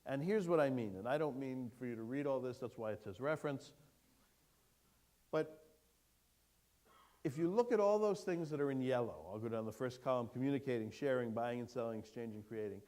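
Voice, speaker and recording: A man giving a keynote lecture to an audience, lively and engaging, putting questions to the room. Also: mid-range voice, a little fast. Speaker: keynote speaker. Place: lecture hall before an audience.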